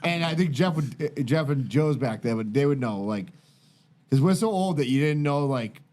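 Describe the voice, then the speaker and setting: A middle-aged man telling a long, profane, rambling story in casual podcast chat, animated and full of tangents. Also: a little high, normal speed. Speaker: podcast host.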